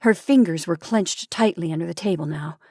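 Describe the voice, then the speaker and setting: Storytime host, expressive measured reading, mid-range woman's voice, dry close sound. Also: lowish voice, no room sound. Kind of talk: reading a classic short story aloud.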